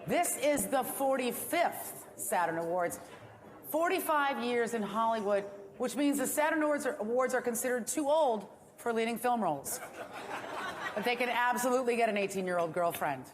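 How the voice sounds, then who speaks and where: A woman with a slightly high voice hosts an awards ceremony. She delivers a joking monologue full of wry asides to a live audience. Her voice rings through a reverberant hall with a faint hum of ambience underneath. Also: lively intonation, moderate pace. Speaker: awards show host. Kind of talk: stand-up comedy monologue. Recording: echoey hall with faint room noise.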